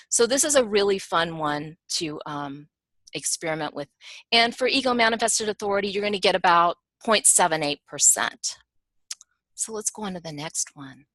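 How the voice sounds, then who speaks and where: A woman teaching in a loose, conversational webinar, her delivery punchy and emphatic. She keeps addressing her listeners directly in a chatty, animated way. The sound is dry, with no room echo. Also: mid-range voice, moderate pace. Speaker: teacher and professional analyst.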